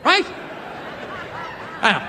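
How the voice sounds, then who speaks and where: On a comedy stage with a handheld mic, a man in his forties delivers a profane, exasperated stand-up rant. He speaks very slowly with a sharp tone, and the recording has live hall reverb and faint noise.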